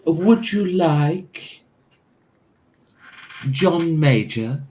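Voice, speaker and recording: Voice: medium pitch, expressive, warm tone, a little hiss or hum, pitched above the performer's own voice. A game master voicing a formal, haughty female AI butler in a tabletop game. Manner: stiff formal courtesy, drawn-out words. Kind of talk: tabletop role-play voice.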